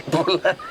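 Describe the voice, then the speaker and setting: An actor playing a boastful, joking petrol station owner, full of chuckling bluster. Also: male voice, mid-range voice, heavy background noise. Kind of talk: sitcom acting.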